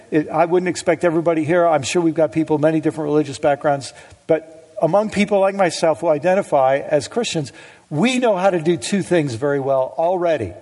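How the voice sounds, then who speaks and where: A man's voice: on the high side, a little mellow, slightly rough. Man speaking in a reverberant hall. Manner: conversational, hesitant with fillers and restarts, wry. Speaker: speaker giving a talk. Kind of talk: public talk with anecdotes. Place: hall with an audience.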